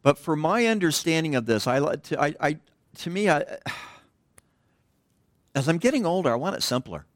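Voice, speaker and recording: A middle-aged man giving a conversational sermon as pastor in a church, wandering off on tangents and letting his voice sink to a hush at the ends of phrases. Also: a little high, big pitch swings, moderate pace, long pauses, no echo, clean studio sound.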